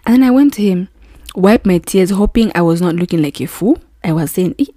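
Woman in her 20s doing her own podcast, chatty storytelling, acts out the quotes, warm dry sound. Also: on the low side, fairly quick, no room sound. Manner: animated, acts out quoted voices. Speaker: podcast host. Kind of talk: casual storytelling monologue.

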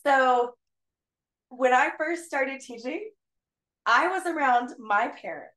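A woman's voice: high voice, expressive, takes it slowly, a bit bright. A woman who is a teacher, a guest on a podcast, talking in an earnest, reflective way in a casual conversation. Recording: roomy echoey sound.

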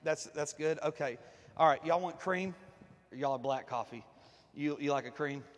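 Man, pastor, high-pitched, folksy and joking in his sermon, church hall with a long echo. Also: fairly even intonation, normal speed. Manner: folksy, joking, talks to the congregation. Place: church sanctuary, on the platform.

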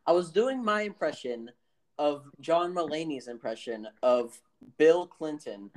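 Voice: medium pitch, lively intonation, measured pace. A co-host in casual podcast chat, riffing playfully and laughing along.

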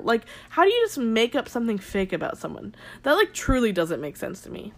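A woman's voice: a little high, big pitch swings, fairly quick. A young adult woman recapping a show for her viewers in a rambling, candid way, full of "like" and swearing. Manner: rambling, heavy "like" filler, frequent swearing; addresses viewers directly, candid and opinionated. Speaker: vlogger recapping a TV episode. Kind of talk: casual chatty recap to viewers.

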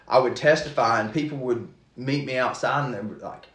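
A man tells his testimony in an earnest, halting way, often restarting his sentences. His voice sits at a middle pitch. The room around him is noticeably echoey. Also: fairly bright tone. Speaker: guest preacher. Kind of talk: testimony in casual conversation.

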